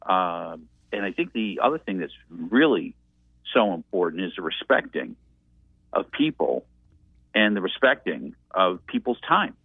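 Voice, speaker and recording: A man's voice: low-pitched, very animated, measured pace, breathy edge, no echo. A man, calling in and reminiscing in a rambling, reflective way. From Massachusetts. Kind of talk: casual reminiscing. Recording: tinny dry phone line.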